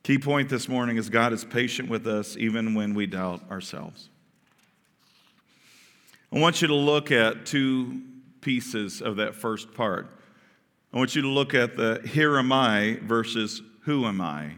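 A man's voice: medium pitch, unhurried, long pauses, a bit bright. A man preaching a conversational sermon as pastor, retelling scripture and asking the congregation questions, with long reverb from the church sanctuary.

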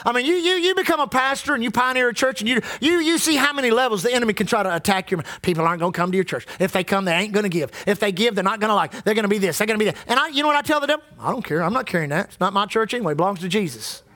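A man's voice: sits high, racing, hardly any pauses, bright, forceful tone. A man preaching a sermon as pastor, impassioned and repetitive, drawing out emphatic lines.

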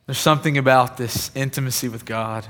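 A man's voice: medium pitch, fairly even intonation, a little fast, a bit bright. A man preaching a sermon, telling personal stories in a conversational way and building to emphatic points. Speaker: pastor.

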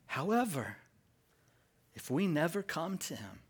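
A man preaching as pastor, leading the congregation in call-and-response and stressing key words. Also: breathy edge. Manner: slow and emphatic with lively pitch swings. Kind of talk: sermon.

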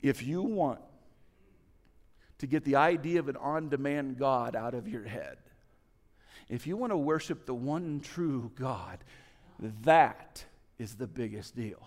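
A man preaching a sermon, telling stories with lively swings between loud, urgent lines and soft, hushed ones. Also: medium pitch, slow pace, in a large hall. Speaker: pastor.

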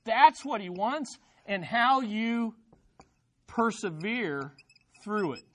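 An emphatic preacher working through a sermon, swinging from loud to nearly hushed to drive points home. The delivery leans on rhetorical questions to the listeners and a middle-pitched voice. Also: animated, slow. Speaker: pastor. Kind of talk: expository sermon.

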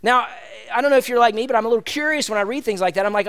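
A man with a high, light voice preaching a sermon. He talks to his listeners in a loose, conversational way and calls them "gang". His delivery is animated and energetic, now fast and now slow and emphatic. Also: clean tone. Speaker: pastor.

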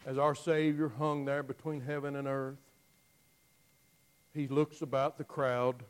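A man preaching a dramatic storytelling sermon, swinging from loud declaiming to hushed, near-whispered lines. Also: medium pitch, flat delivery, clean tone, poor audio. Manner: slow, drawn-out phrasing with long pauses.

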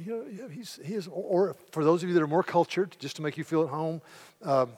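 Talking fast in a slightly high voice, a middle-aged male pastor preaches a sermon in a church sanctuary. He animates the story by slipping into the voices of its people. The recording carries a long hall reverb.

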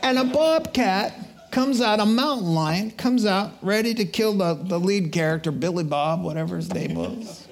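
A middle-aged man preaching a sermon, telling a personal story with animated, laughing delivery. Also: high-pitched, normal speed.

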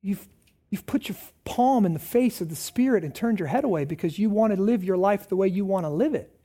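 A man preaching a sermon in a conversational way, with emphatic raised lines and low, quiet asides. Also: expressive, a little fast. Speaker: pastor.

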